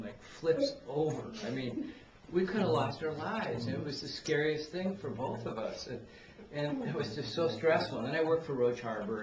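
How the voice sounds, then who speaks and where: A middle-aged man giving a heartfelt, rambling personal toast at a family gathering, halting often and restarting his sentences. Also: mid-range voice, dull audio. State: tearful near the end. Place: indoor party room with guests. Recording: roomy, distant camera with crowd chatter.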